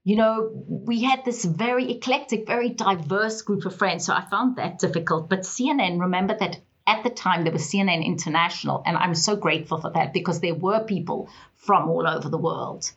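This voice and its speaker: Husky South African woman, expressive. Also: on the low side, fairly quick, muffled recording. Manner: expressive, storytelling, emphatic. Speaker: guest. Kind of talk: podcast interview.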